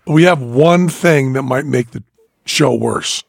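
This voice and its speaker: Male podcast host, gravelly voice, rambling storyteller, dry studio mic. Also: medium pitch, measured pace, dry recording. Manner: rambling storyteller, acts out dialogue. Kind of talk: casual chat.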